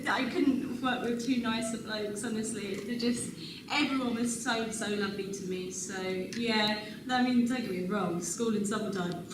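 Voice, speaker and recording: An actress answering at a live screening Q&A, bubbly and laughing often. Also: female voice, a little high, steady tone, normal speed. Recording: echoey hall from far off, noisy.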